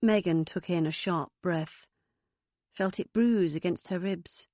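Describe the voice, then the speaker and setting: A woman narrating a novel audiobook in a steady, even storytelling voice. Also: on the low side, measured pace, no echo. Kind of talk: scripted narration.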